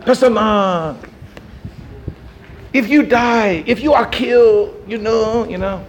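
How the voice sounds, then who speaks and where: A man's voice: high-pitched, slow pace, lo-fi sound. A man imitating a fellow pastor, earnest and reassuring, with a put-on Spanish-sounding accent.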